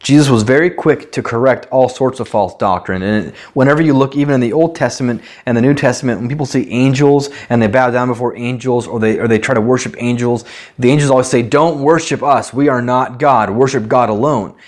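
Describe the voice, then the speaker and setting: Guy pastor going thru bible verses, chatty, asks the room questions, mid-pitched voice. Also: a little fast. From United States. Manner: conversational, explanatory, asks rhetorical questions. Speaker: pastor teaching a Bible study. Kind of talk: sermon, verse-by-verse Bible teaching.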